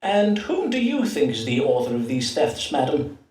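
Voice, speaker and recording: Elizabethan astrologer-physician, formal and halting, roomy echo. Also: male voice, mid-range voice, wildly swooping pitch, darkish tone. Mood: courteous. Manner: measured, formal olde-English with hesitant fillers. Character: Elizabethan astrologer-doctor, pompous yet awkward. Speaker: doctor. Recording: distant roomy game audio.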